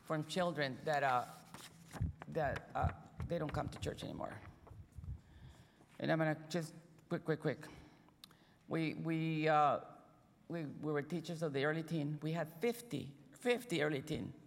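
A middle-aged woman, a Sabbath school teacher, telling earnest stories to a congregation with halting restarts. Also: low voice, creaky, a little hiss or hum. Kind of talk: sermon-style storytelling. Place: church hall. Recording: long reverb in a church hall.

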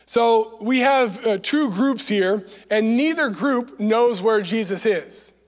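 A man's voice: high-pitched, slow, in a large hall. A man leading a Bible study lesson, reading scripture aloud and explaining it in a conversational way, often checking in with "right?".

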